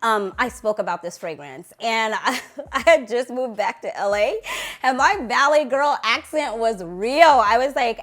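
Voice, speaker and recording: Woman gushing perfume vlogger, bright and playful. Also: on the high side, measured pace. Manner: gushing, playful, lingers on sensual words. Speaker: fragrance reviewer. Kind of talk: casual perfume review vlog.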